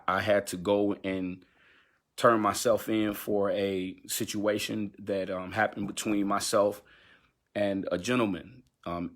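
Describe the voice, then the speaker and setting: Low-voiced man telling his story candidly. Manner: animated storytelling, halting with fillers and restarts. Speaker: gospel singer. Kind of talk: candid personal account on a livestream.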